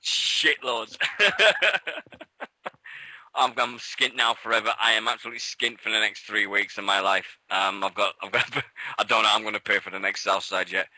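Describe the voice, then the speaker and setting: Bright-voiced British man telling stories. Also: on the low side, normal speed, no echo, poor audio. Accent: British English. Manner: excitable, laughing storyteller who swears freely. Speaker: radio show co-host. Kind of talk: casual chat.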